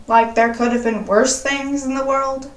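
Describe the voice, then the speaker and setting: A woman's voice: high-pitched, fairly even intonation, moderate pace. A young woman vlogging in a casual, sassy, profane chat. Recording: roomy echo, distant from mic.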